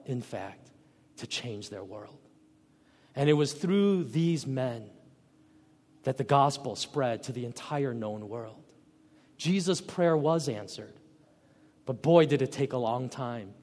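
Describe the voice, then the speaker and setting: A man preaching a sermon as pastor, emphatic, rising to loud peaks and dropping to soft, low phrases. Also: big-room sound.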